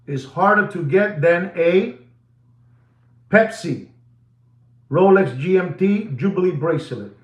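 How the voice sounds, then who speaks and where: A man giving a watch market update, theatrical and animated, swinging from loud calls to hushed asides and dropping Spanish phrases into his English. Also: high voice, slow pace, pauses often, reverberant.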